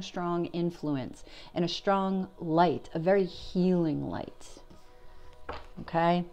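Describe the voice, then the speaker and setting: Lowish woman's voice, chatty tarot reader hyping up the viewer, soft music under her. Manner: chatty, encouraging, talks to herself and answers. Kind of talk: casual spoken tarot reading.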